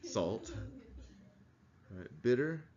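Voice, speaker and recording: A man's voice: medium pitch, sing-song, takes it slowly, darkish tone, highs cut off. A man teaching a class, explaining things in a conversational way and asking the students questions. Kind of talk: classroom lecture.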